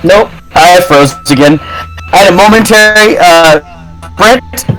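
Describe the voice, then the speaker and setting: A man playing in a tabletop game, chatting in an animated, playful way. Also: sits high, unhurried, soft background music, rough recording. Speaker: player. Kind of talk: casual game table chat.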